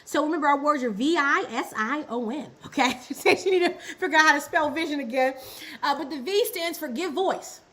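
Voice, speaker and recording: A woman's voice: high-pitched, expressive, fairly quick, bright, forceful tone, rough recording. A woman teaching a business and ministry lesson on a livestream, repeating key phrases and asking viewers to answer in the chat. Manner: repetitive, call-and-response with the chat. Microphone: livestream setup.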